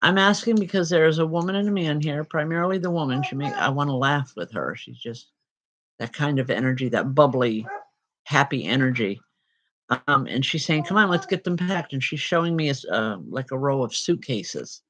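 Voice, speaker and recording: A woman with a very deep, expressive voice speaks at a moderate pace, with a little hiss or hum in the recording. Working as a spiritual medium, she gives readings, addressing people directly by name and passing on spirit messages reassuringly.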